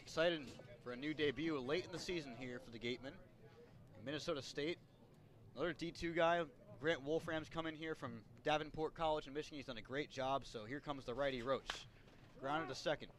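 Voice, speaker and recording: A man's voice: fairly high pitch, a little fast. Chatty baseball play-by-play man. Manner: relaxed, chatty, rises on big plays. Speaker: play-by-play announcer.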